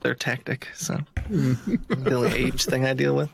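A man chatting calmly and easygoing on a stream. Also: mid-range voice, measured pace, creaky, a little hiss or hum. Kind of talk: casual chat on a stream.

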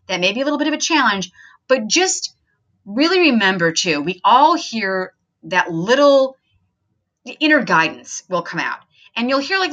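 A woman's voice: mid-range voice, a bit bright. A woman hosting a podcast, talking in an earnest, chatty self-help monologue with many fillers. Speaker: podcast host.

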